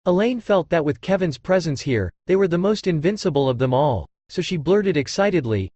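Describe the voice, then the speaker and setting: A man narrating an audiobook in a steady storytelling read. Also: on the high side, brisk, no echo. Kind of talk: scripted narration.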